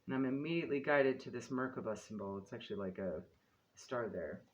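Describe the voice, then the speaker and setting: A man giving a tarot-style card reading and reading guidance aloud, calm and encouraging, with casual asides and a light laugh at his own slips. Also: medium pitch, brisk, muffled recording. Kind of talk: spiritual card reading, reading guidebook text aloud.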